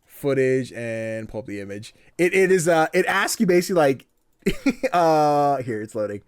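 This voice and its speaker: A man hosting a casual podcast, talking in an animated way, laughing often and acting out voices as he retells things. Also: on the high side, moderate pace, smooth, no echo, clean studio sound. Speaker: podcast host.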